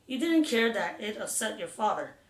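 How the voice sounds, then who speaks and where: Female reader voicing a calm middle-aged mother, low-key and soft, in an echoey room. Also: lightly acted. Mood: quietly calm. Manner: soft, quiet and measured. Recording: roomy echo.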